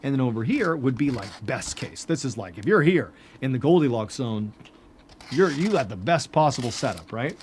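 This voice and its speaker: A man telling stories in casual chat as a podcast host, animated, with lots of filler words. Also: mid-range voice, moderate pace, slight background noise.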